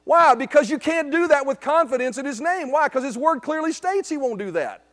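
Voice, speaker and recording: High-pitched man preaching emphatically. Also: lively intonation, fairly quick, fairly bright tone. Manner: emphatic, with frequent rhetorical "right?" checks. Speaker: pastor. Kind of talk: sermon. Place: church service.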